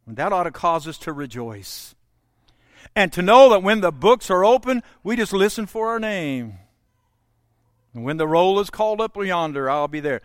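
A high-pitched man preaching a sermon, heard dry and close with no room sound around him. He swings from loud proclaiming down to soft, hushed passages. His talk is folksy and aimed straight at the congregation. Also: expressive, normal speed, dry recording. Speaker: pastor.

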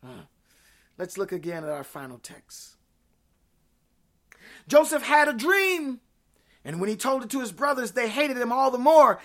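A woman preaching a sermon, repeating phrases in a rhythmic build, rising to shouts and then dropping to hushed tones. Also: on the high side, big pitch swings, normal speed, long pauses.

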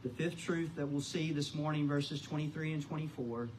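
A man's voice: a little high, fairly even intonation, moderate pace, few pauses, a little mellow, slight background noise, poor audio. A man preaching a sermon as pastor, building up to big emphatic lines on key words. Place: church.

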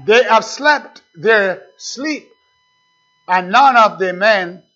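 High-voiced preacher, emphatic sermon. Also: male voice, fairly bright tone. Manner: emphatic, slows down to stress scripture. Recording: dull lo-fi recording.

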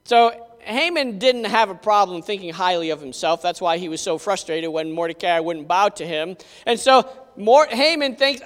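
A man preacher with a strikingly high, bright and clear voice, retelling a Bible story in an animated, conversational way. He turns to the listeners with asides. A long hall reverb trails behind his words. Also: normal speed. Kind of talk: dramatic Bible storytelling sermon.

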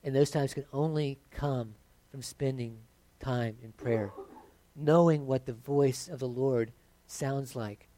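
A pastor preaching a conversational sermon that builds to emphatic points. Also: male voice, medium pitch, takes it slowly, mellow.

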